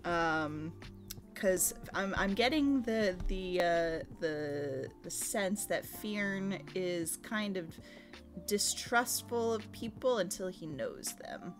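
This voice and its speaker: A woman's voice: lowish voice, animated, slow pace, soft background music. A woman co-hosting a podcast, recapping a tabletop game session in casual chat, often laughing and teasing her co-host. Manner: giggly, chatty, teasing.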